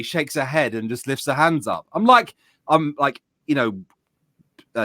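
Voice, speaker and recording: A British man in his thirties, co-hosting a stream and telling a rowdy story in casual chat, swearing freely and acting out his own shouting. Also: medium pitch, normal speed, dry recording, clean studio sound. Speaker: streamer and co-host.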